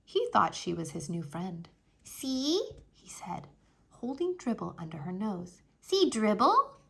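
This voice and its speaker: Bright, animated woman reader, expressive children's book read-aloud. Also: fairly low pitch, normal speed, creaky, slightly rough. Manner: expressive, storytelling.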